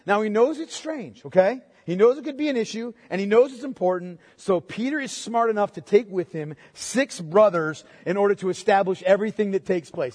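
A man with a strikingly high voice preaches an expository sermon in a large church sanctuary. He pushes each point with emphasis and keeps checking in with his congregation through tag questions. His voice trails off into a long, echoing hall reverb. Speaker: pastor.

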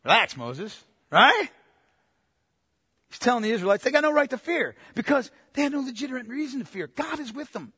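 High-voiced emphatic preacher in a hall. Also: male voice, big pitch swings, husky. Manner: emphatic, rising to shouts, slows for stress. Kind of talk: sermon with scripture reading.

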